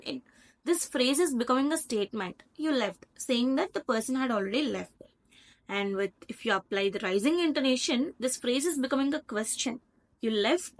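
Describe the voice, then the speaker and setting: A woman with an Indian English accent, a lecturer methodically walking through lesson slides and repeating key points. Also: fairly high pitch.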